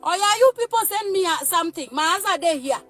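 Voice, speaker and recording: A Nigerian woman rants to camera in a very high voice that swings widely. She sounds agitated, threatening and pleading, and faint music plays behind her. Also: animated, fast, fairly bright tone. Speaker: mother. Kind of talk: emotional rant to camera. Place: parked car.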